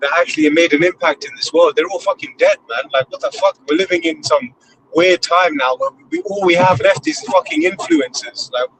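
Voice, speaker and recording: A man's voice: on the high side, fairly quick, noisy background. A man in his thirties hosting a loose live discussion, swearing often and rambling with enthusiasm. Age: 30s. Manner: animated, heavy swearing, rambling. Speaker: host.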